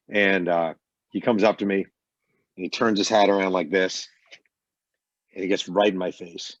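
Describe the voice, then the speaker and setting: Speaking over a video call from his bedroom, a middle-aged best-selling author casually tells animated stories in an interview, acting out quotes. His voice is low, at normal speed, and he pauses often. The call audio is dull and lo-fi, without echo.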